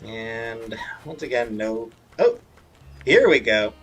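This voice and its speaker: A man's voice: mid-range voice, animated, takes it slowly, breathy edge, soft background music. A man playing a video game and reading its dialogue aloud, with playful, jokey asides. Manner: playful, jokey asides between read lines. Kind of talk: let's play, reading dialogue in character voices.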